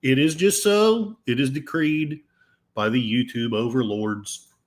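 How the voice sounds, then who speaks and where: A man's voice: mid-range voice, measured pace. A man hosting a livestream podcast, reading out chat messages with a sarcastic, mock-solemn delivery.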